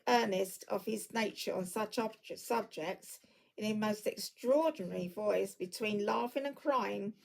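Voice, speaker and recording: A woman reading a classic story aloud at an unhurried pace, stumbling now and then and correcting herself. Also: mid-range voice, creaky, a little mellow, rough recording.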